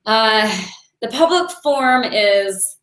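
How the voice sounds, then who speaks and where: A woman's voice: a little high, lively intonation, drawn-out words, fairly bright tone. A woman in her forties, a Taoist meditation teacher, giving a casual inspirational talk in a chatty way and laughing often as she tells stories. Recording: roomy echo.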